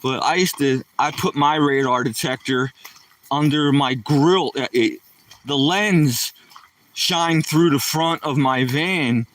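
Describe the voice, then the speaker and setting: A man's voice: a little high, takes it slowly, a bit bright, distant mic. A man from the Philadelphia area telling rambling stories from his past in loose, casual chat, often tossing in "man" and "you know".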